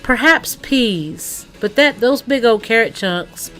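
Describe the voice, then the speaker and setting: A woman's voice: on the high side, animated, takes it slowly, fairly bright tone, soft background music. A woman livestreaming in casual chat, rambling and talking straight to her viewers. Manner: rambling, chatty, addresses chat directly.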